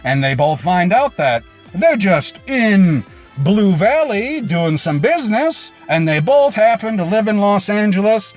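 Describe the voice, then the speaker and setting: A man hosting a reaction video, recapping an episode casually with swearing and lively pitch swings. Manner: animated, swings pitch for emphasis.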